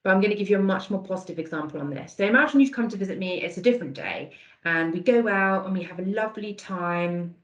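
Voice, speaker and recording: Speaking quickly at medium pitch, a woman runs a dementia awareness training online via video call. She keeps things conversational and warm, praising chat responses and encouraging participants, though the audio is poor and the room echoey.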